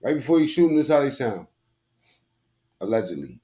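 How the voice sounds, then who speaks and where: A man's voice: mid-range voice, very animated, brisk, warm tone. A man giving crude, mocking commentary while reacting to a video. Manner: mocking, crude, laughs at what he watches.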